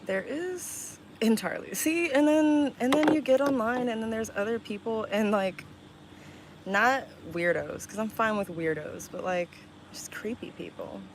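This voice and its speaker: A young woman live-streaming, chatting casually with her viewers, reading their comments aloud and answering bluntly with a lot of swearing and quick laughs. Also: a little high, a little hiss or hum, rough recording. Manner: blunt and profane, reading chat aloud and snapping back; quick laughs and sudden loud outbursts.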